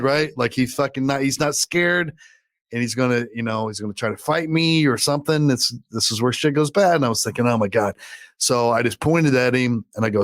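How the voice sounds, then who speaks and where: A man's voice: medium pitch, fairly quick, no room sound, clean studio sound. A man casually telling a story on a podcast, cursing a lot and acting out what people said. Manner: profane, rambling, acts out quotes loudly. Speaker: podcast co-host.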